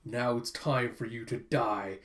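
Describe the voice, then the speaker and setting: A manga streamer voicing a cold male lab scientist as a villain, in a slow, low, threatening way while retelling a comic. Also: steady tone, natural voice. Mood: menacing.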